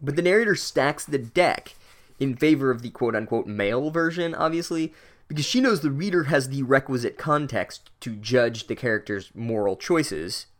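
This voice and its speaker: A man's voice: mid-range voice, expressive, normal speed. Man doing a sardonic book recap, casual and crude, heavy on filler words. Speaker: book reviewer. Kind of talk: sarcastic chapter recap.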